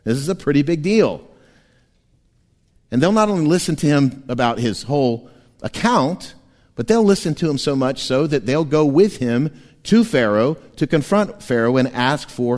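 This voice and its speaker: Animated preacher in a reverberant hall. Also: male voice, mid-range voice, moderate pace. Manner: animated, playful, breaks into laughs and voices. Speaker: pastor. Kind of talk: sermon. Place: church sanctuary. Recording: long church hall reverb.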